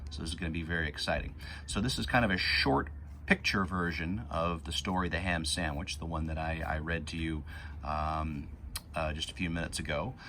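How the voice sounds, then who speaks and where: Slow, gravelly low-voiced male teacher. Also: fairly even intonation, pushed and bright, slight background noise. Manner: slow, patient, emphatic word-by-word reading. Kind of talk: guided reading lesson for young children.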